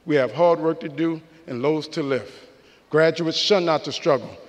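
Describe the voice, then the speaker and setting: High-voiced preacherly man in a big hall. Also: normal speed, muffled recording. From New Orleans, USA. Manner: preacherly, rhythmic, repeating phrases. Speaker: commencement speaker. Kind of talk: motivational speech. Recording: long reverb of a large hall.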